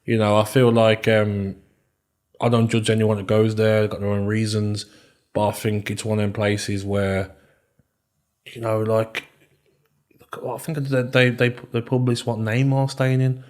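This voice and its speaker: A man's voice: on the low side, level tone, measured pace, darkish tone. A man in his thirties with a Birmingham accent, a podcast guest talking casually and leaning on fillers and "you know what I mean". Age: 30s. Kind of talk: casual interview chat.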